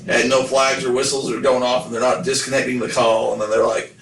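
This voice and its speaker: A man co-hosting a podcast in easy, rambling chat, full of jokes and asides. His voice sits at an ordinary pitch. The mic is a little distant and the room gives a noticeable echo. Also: little pitch movement, brisk, creaky, fairly bright tone. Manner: rambling, joking storyteller. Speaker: podcast co-host. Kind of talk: casual chat.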